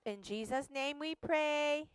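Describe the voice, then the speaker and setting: A woman teaching children at church and leading them in a gentle, slow prayer. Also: high-pitched.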